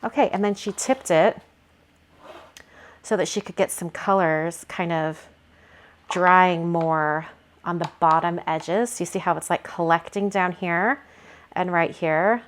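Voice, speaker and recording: Woman, craft tutorial host, lowish voice, chatty, thinking aloud. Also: measured pace. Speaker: card-making video host. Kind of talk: casual craft tutorial narration.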